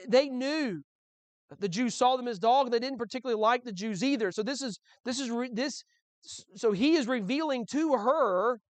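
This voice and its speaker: A man's voice: very high voice, no room sound. A male pastor preaching a sermon in a conversational way, with frequent restarts and rhetorical questions.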